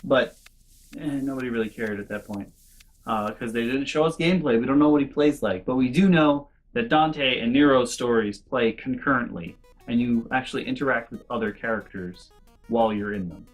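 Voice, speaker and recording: Rambling, animated male vlogger. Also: medium pitch, moderate pace, soft background music. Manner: animated, acts out quoted voices, rambling asides. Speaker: convention vlogger. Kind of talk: casual storytelling vlog.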